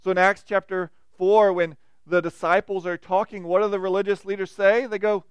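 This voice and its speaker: A man's voice: high voice, little pitch movement, normal speed, few pauses, smooth, dry recording. A man preaching a sermon, with dynamic emphasis and frequent questions to the listeners.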